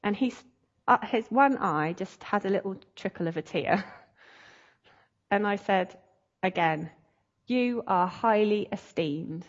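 A woman's voice: mid-range voice, unhurried, long pauses. Lady telling her church story, gets emotional, keeps laughing, kinda dull lo-fi audio. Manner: chatty and emotional, laughing often. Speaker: speaker sharing a testimony. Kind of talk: sermon testimony.

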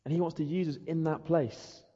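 A man's voice: a little high, fairly even intonation, a little fast, warm tone, husky. A man preaching a sermon, acting out questions and prayers in a rhetorical way. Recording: dull echoey hall.

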